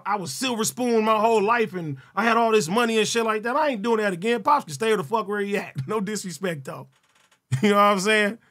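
Bright-voiced, profane livestream host. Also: male voice, high voice. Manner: loud, profane, laughs often. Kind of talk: casual solo livestream chat.

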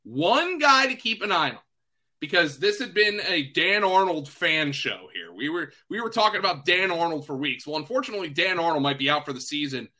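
A man's voice: a little high, sing-song, a little fast, bright, forceful tone. A man talking fantasy football in a casual podcast chat, chatty and self-deprecating, with lots of fillers and restarts.

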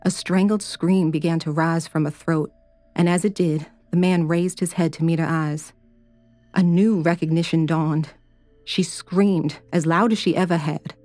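A woman narrating a horror story in a steady, even-toned reading. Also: low-pitched, a little slow, no echo.

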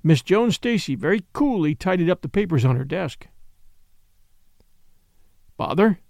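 Guy reading a mystery audiobook, pitch moves a lot, dry close sound. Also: big pitch swings, brisk, gravelly, darkish tone, no room sound. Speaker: narrator.

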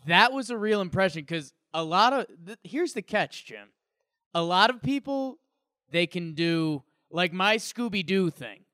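Bright, animated male podcast co-host. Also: high-pitched, measured pace, clean tone, no echo, studio quality. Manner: rambling, animated storytelling. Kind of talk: casual podcast chat.

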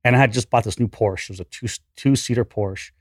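A man in his forties, a podcast guest, telling a story in an animated, profane, self-deprecating way. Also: mid-range voice, quick pace, no echo, clean studio sound. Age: 40s. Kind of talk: casual storytelling.

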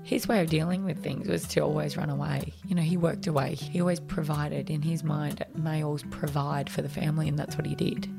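A woman's voice: low voice, fairly even intonation, fairly quick, creaky, hardly any pauses, over music. An Australian woman in her thirties, a podcast guest frankly telling a personal story in a conversational way, acting out what people said. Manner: frank, conversational, reenacts dialogue with many fillers.

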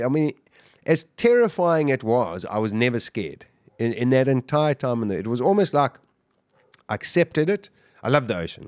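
A middle-aged man recounts his story as a podcast guest with gripping intensity, acting out his own words as he goes. His voice sits at an ordinary pitch. He is recorded dry and close on the mic. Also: no room sound. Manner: animated, vivid retelling with acted-out quotes.

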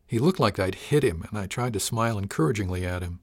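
A man with a low voice reads a first-person audiobook. He keeps his narration calm, measured and unhurried.

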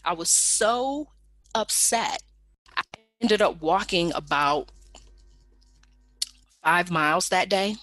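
A woman telling a personal story in a lively storytelling manner, acting out the people in it with raised voices. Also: sits low, no echo. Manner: animated, acts out quoted people in raised voices.

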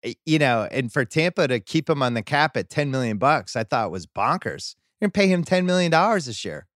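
A man hosting a podcast, chatting casually about sports and acting out quotes in sudden high bursts. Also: big pitch swings, fairly quick, fairly bright tone, dry recording, clean studio sound. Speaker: podcast host.

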